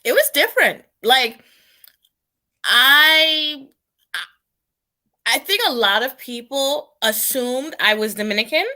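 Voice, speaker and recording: A young woman from New York talks as a guest over a video call. Her voice is high and bright, and she thinks aloud in a reflective, searching way. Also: lively intonation, takes it slowly, long pauses. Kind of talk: casual conversation.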